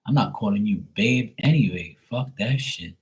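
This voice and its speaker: A man's voice: on the low side, expressive, normal speed. A man in his forties from Bermuda, ranting casually and profanely, joking as he acts out both sides of phone calls. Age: 40s. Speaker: tarot reading livestream host. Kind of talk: casual rant.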